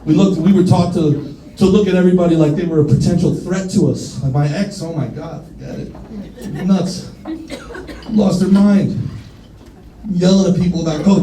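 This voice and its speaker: A man performing a stand-up comedy set in front of a live audience, shouting punchlines and acting out quoted voices. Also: fairly high pitch, moderate pace. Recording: roomy, distant mic with crowd noise.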